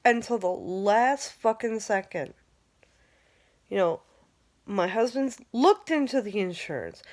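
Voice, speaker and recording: A young woman venting an angry personal rant, heated and exasperated, swearing often. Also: mid-range voice. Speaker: vlogger.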